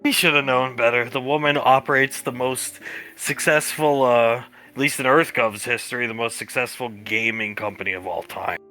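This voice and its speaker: A man's voice: medium pitch, fairly even intonation, moderate pace, pushed and bright, soft background music. A man playing a tabletop role-playing game, narrating his characters' actions and lines in a casual way and laughing often.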